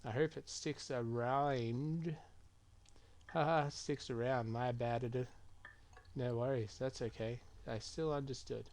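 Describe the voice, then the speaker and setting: A gaming streamer plays through a game, muttering and reading chat messages aloud as he reacts, in a medium-pitched, steady, slow voice with a darkish tone. Keyboard clicks and typing are clearly audible in the background.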